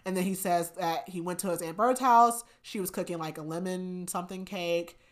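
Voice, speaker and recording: A woman hosting a podcast, casually retelling a novel's plot with animated quoted dialogue and frequent laughs. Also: fairly low pitch, moderate pace. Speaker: podcast host. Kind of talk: casual book recap chat.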